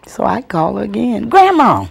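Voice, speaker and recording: A woman storyteller with a gravelly, husky voice tells family tales with big swings in pitch. She calls out the voices in her stories and then drops to a hush. The sound comes from an old VHS tape.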